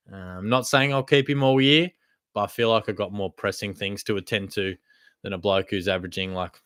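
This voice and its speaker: A man's voice: mid-range voice, sharp tone, clear, resonant tone, dry recording, clean studio sound. A man with an Australian accent hosting a livestream, reading out chat questions and answering in laid-back banter. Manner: chatty, laid-back banter with swearing and laughs. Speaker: livestream host.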